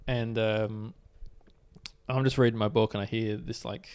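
A man's voice: lowish voice, level tone, a little slow, a little mellow, clear, resonant tone. A man, a podcast host telling a long story in a rambling, filler-heavy way. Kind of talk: casual storytelling.

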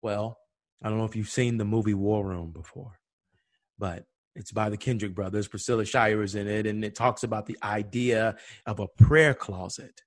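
A man's voice: on the low side, normal speed, no room sound, studio quality. A man from Atlanta telling a personal story in conversation, acting out the voices of the people he quotes. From Atlanta, USA. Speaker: guest.

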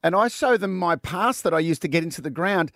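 Australian male radio host, high voice, dry close mic, lively storyteller. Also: a little fast, dry recording. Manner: animated storyteller, acts out quotes. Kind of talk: casual breakfast radio banter.

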